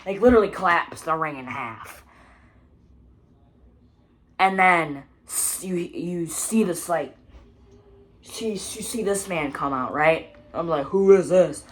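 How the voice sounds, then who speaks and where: A woman reviewing a wrestling show in a casual video, with a rambling, excitable recap full of "you know" and "like". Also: on the low side, slow, long pauses, a little hiss or hum.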